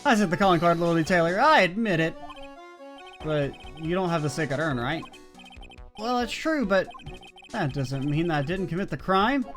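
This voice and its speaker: Brief: a man playing a hysterical young guy, high, yelling, wild pitch swings, faint game music. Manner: shouting, high and frantic. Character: overexcited young man begging to be found guilty.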